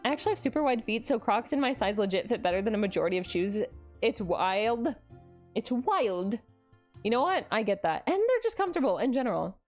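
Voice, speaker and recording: A young woman live-streaming in casual chat, gushing and excitable, laughing often as she reacts to fan art. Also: fairly high pitch, brisk, soft background music.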